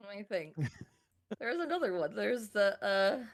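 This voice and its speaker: A woman's voice: mid-range voice, sing-song, a little slow. A woman in casual podcast chat, playful and teasing.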